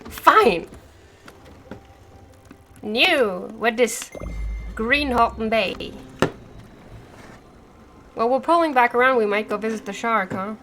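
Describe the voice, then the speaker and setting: A woman's voice: on the high side, lively intonation, slow pace, long pauses. A woman streaming a cozy game, chatting upbeat and thinking aloud as she plays. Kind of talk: casual let's-play commentary. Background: soft game music.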